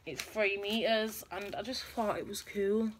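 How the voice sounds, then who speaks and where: A young woman shows off a shopping haul from home, chatting in a meandering show-and-tell way. She speaks unhurriedly at medium pitch with fairly even intonation, over slight background noise.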